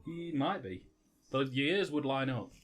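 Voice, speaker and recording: A man's voice: medium pitch, lively intonation, normal speed, noisy background. A man with a British accent co-hosting a casual movie commentary, chatty and playfully jokey. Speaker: co-host of a film commentary.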